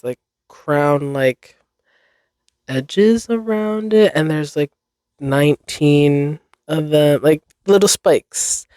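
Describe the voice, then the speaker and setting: A young woman talks through her solo podcast at an unhurried, drawn-out pace, losing her thread and apologizing for it. She sounds close and dry, with no room echo around her voice. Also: low voice, darkish tone, clean tone. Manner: rambling, self-deprecating, swears and laughs often. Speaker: podcast host. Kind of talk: casual solo chat.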